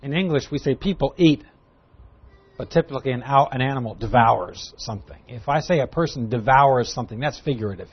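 A man teaching through a Bible passage to a class, lively and emphatic, reading verses aloud. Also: medium pitch, fairly quick, husky. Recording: dull lo-fi recording.

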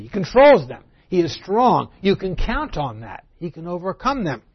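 Man teaching scripture, slightly high voice. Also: husky. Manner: swings from emphatic to very soft and quiet. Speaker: Bible teacher. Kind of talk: expository Bible lecture. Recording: dull lo-fi recording.

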